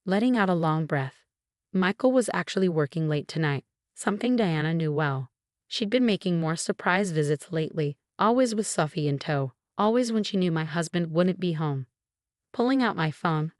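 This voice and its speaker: Low-voiced woman narrating a story. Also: expressive, moderate pace, darkish tone, no echo, studio quality. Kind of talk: first-person scripted story narration.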